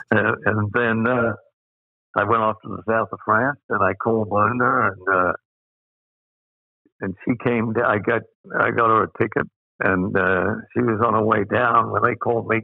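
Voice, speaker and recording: Gravelly older Australian man on a tinny line. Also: lowish voice, normal speed, no room sound. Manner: rambling, with many uh fillers and laughs. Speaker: guest. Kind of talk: anecdotal storytelling.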